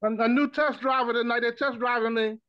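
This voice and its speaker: A man's voice: very high-pitched, fairly even intonation, quick pace, no echo. A man co-hosting an online meeting over a video call, friendly and greeting callers, with some hesitant restarts. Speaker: co-host introducing a speaker. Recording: dull, dry video call audio.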